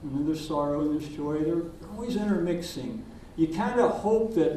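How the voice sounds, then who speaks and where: Older minister preaching in an echoey hall. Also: male voice, on the high side, slight background noise. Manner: gentle, reflective storytelling with pauses. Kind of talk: sermon. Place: church sanctuary. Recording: distant voice in an echoey sanctuary.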